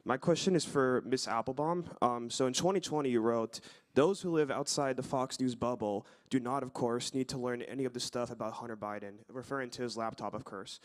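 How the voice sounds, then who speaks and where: A man's voice: medium pitch, fairly quick. A young man, a college freshman, politely asking a panel a question at a conference. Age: young adult.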